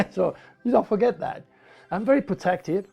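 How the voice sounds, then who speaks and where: A man from France with a French accent, telling a personal story in an animated, emphatic way. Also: high voice, normal speed, vocal fry, breathy edge, highs cut off, faint music behind. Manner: animated, emphatic, with repetitions and laughs.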